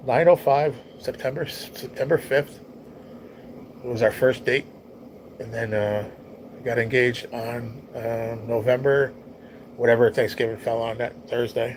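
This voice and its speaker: A man's voice: mid-range voice, darkish tone, slight background noise, poor audio. A man hosting a livestream, telling a personal story in a rambling, heartfelt way and swearing often. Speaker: livestream host. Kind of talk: casual storytelling to a live chat.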